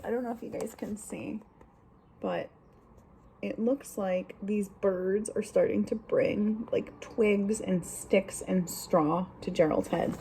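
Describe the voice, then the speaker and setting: A woman teacher reading a picture book aloud to young students, animated and instructive, then giving them a drawing task. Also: medium pitch, slow, breathy edge, low-quality recording.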